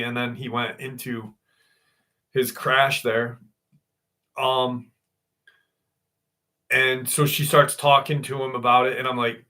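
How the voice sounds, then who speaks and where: A man's voice: medium pitch, steady tone, a little slow, pauses often, sharp tone. A man hosting a live stream, casually telling a rambling story with swearing and frequent laughter. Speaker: host.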